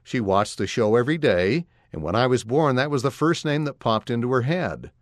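A man's voice: mid-range voice, animated, normal speed, dry recording, studio quality, lightly acted. A man reading aloud and voicing a complaining, embarrassed young schoolboy with a whiny tone. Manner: whiny, groaning.

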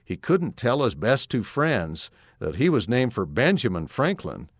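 Man reading a story aloud, expressive. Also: medium pitch, unhurried, dry recording, studio quality. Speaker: narrator.

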